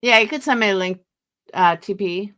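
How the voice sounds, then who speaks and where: Her medium-pitched voice is a bit bright and clean, moving at a moderate pace. She hosts a casual livestream, yawning and tired, gossiping and greeting viewers by name as she chats with them live.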